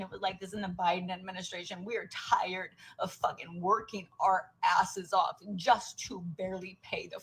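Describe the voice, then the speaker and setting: A woman's voice: on the low side, slightly rough, low-quality recording. An American woman, a working mother, venting tearfully to camera in a raw, profane rant that drops into whispers.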